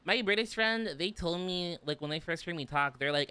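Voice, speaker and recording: A man's voice: high-pitched, moderate pace, bright, forceful tone, clear, resonant tone, no echo. A young man from the southern United States with an American accent, chatting casually on a livestream, giggly and full of "like"s. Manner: giggly, chatty, filler-heavy with many "like"s. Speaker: vtuber streamer. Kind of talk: casual livestream chat reading comments.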